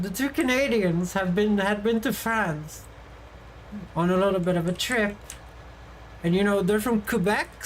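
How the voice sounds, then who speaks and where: A woman streamer with a slightly high voice spins unhurried travel anecdotes, laughing freely along the way. She talks from a desk mic with a faint hum behind her. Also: rough recording. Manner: chatty, laughs often mid-story. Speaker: VTuber streamer. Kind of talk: casual stream chat, storytelling.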